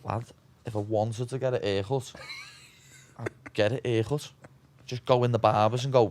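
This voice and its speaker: A young Liverpool man with a Scouse accent, a fighter, chats casually as an interview guest. Blunt and brash, he swears freely and calls everyone "lad." His voice is mid-range and darkish with fairly even intonation at normal speed, plus a little hiss or hum.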